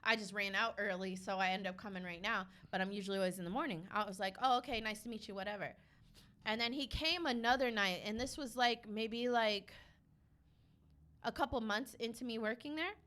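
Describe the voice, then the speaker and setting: Brash, bright-voiced young woman telling stories. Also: mid-range voice, brisk. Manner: profane, chatty, sassy. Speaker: podcast guest. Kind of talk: casual storytelling chat.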